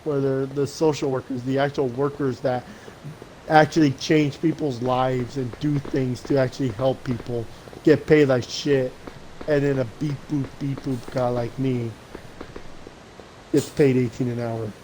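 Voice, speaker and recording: A man's voice: mid-range voice, steady tone, measured pace, warm tone, a little hiss or hum, low-quality recording. A young man streaming, chatting casually as he games, rambling with lots of swearing and restarts. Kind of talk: casual gaming chat.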